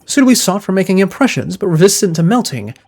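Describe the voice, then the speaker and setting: A man reading aloud the lines of an eccentric, self-assured gentleman detective in a grandiose, wordy manner, with faint game music behind. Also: high voice, very animated, fast talker, slightly rough, heavily acted. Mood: lofty.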